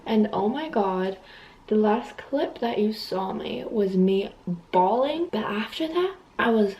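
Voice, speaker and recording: A woman's voice: mid-range voice, lively intonation, takes it slowly, reverberant, highs cut off, a little hiss or hum. A woman in her twenties chatting casually in a reading vlog, rambling and full of fillers. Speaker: vlogger. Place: messy bedroom. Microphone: phone camera.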